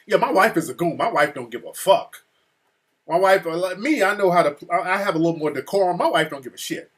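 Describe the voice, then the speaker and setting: A man's voice: high-pitched, animated, fast. An American man telling a story casually, full of profanity, restarts and asides. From United States. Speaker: speaker recounting a trip.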